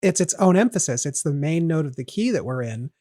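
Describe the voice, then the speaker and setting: A man's voice: fairly high pitch, expressive, brisk, mellow, dry recording, studio quality. A man hosting a podcast, walking step by step through a song's melody in casual, analytical talk. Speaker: podcast host. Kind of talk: casual music analysis chat.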